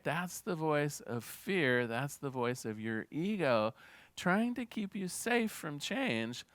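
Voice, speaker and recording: A minister giving a sermon in an earnest, gentle teaching manner, with small restarts as he talks. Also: medium pitch, no room sound.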